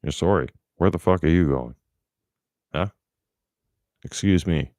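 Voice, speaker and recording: A man's voice: sits low, moderate pace, a little mellow, no echo, studio quality. A middle-aged man telling a story in a blunt, profane, angry way, as a casual vlogger.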